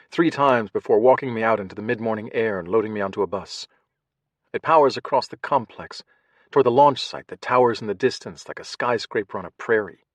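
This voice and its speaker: A man reads a first-person audiobook in a measured way, hushed in some passages and tense in others. His voice sits in a mid-range pitch. The recording is dry and close, with no room sound. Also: no room sound. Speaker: audiobook narrator. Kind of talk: scripted first-person narration.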